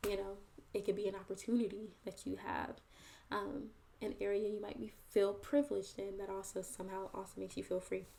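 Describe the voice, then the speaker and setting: A woman's voice: medium pitch, level tone, a little fast, creaky, mellow, a little hiss or hum. A woman hosting her own video channel, talking earnestly and reflectively straight to her viewers in a casual, chatty way. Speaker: host and poet. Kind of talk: casual vlog monologue to viewers.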